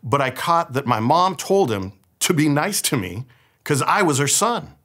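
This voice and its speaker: A man's voice: on the high side, sing-song, unhurried, a bit bright. A man from the San Francisco Bay Area preaching a sermon as pastor, telling a story in a conversational, humorous way.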